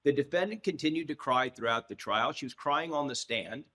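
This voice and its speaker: A man in his sixties, a trial lawyer, telling a story as a podcast guest, with frequent restarts and lively acted-out dialogue. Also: medium pitch, a little fast. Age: 60s. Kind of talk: anecdotal storytelling in a podcast interview.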